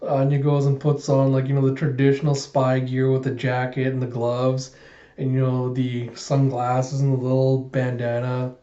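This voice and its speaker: A man casually recapping a manga chapter, animated and chatty. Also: medium pitch, moderate pace. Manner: animated retelling, many "he's like". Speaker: manga reviewer. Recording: dull echoey room.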